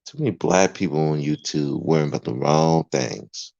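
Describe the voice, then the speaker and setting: A man's voice: a bass voice, normal speed, vocal fry, darkish tone. A podcast host, a man, delivering an emphatic, profane livestream rant. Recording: dull lo-fi recording.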